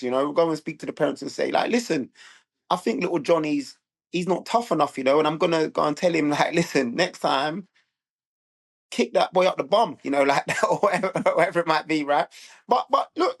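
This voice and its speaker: Blunt, emphatic man with a raised voice. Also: on the high side. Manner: blunt, emphatic, keeps checking in with "right?" and "you lot". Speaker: guest, former pro footballer and youth strength coach. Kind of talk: casual podcast conversation.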